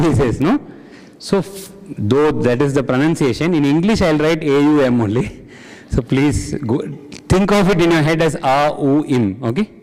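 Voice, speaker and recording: A man's voice: mid-range voice, darkish tone. Man leading a spiritual class in a hall. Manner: questioning and encouraging the audience. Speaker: satsang discussion leader. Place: large hall with an audience. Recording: reverberant hall.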